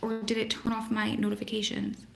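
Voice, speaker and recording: A woman's voice: a little high, completely flat delivery, brisk, vocal fry. A young woman hosting a casual livestream, chatting with viewers by name and reading aloud to them. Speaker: host of a livestream for prison families. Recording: echoey room.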